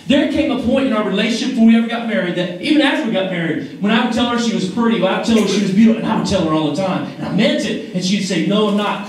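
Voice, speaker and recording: A man preaching an energetic youth sermon, joking and leading call-and-response with a crowd in a large hall. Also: very high-pitched. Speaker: youth pastor. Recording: echoey hall from far off.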